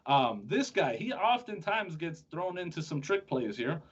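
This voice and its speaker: A man with a slightly husky voice hosts a casual sports show, talking fast and joking with his co-host. The recording sounds dull and lo-fi. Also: a little high, sing-song. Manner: chatty, joking, quick-talking with restarts. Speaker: podcast host.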